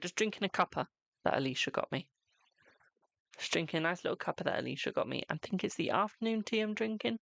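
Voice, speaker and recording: Casual British male streamer, gravelly tone, dry close sound, chatty and self-deprecating. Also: on the high side, fairly bright tone, no echo. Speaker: tarot reader and live streamer. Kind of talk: casual live-stream chat.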